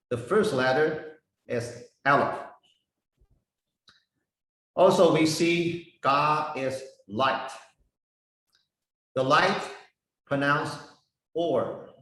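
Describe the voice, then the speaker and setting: A man teaching a Bible lesson, slowly spelling out Hebrew words and their meanings one by one. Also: on the high side, a bit bright. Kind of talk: slow explanatory lesson. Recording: echoey room, voice heard from a distance.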